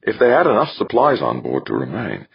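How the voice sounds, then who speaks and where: A man's voice: lowish voice, wildly swooping pitch, a little fast, gravelly, breathy edge, pitched above the performer's own voice, exaggerated voice. A man voicing a cautious female official in an audiobook, raising his voice for her. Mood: questioning. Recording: dull, dry lo-fi recording.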